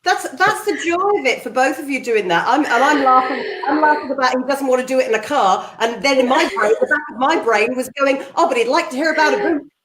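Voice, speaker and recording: An English woman co-hosting a live chat, talking in an animated, enthusiastic way over a video call. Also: sits high, fairly quick, hardly any pauses, a crowd in the background. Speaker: co-host. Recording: echoey room.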